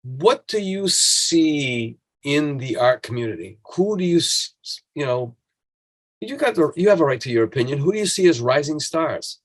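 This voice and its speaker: A man's voice: on the high side, animated, normal speed. A man in casual podcast conversation, telling stories animatedly and acting out the voices of people he quotes, with frequent restarts.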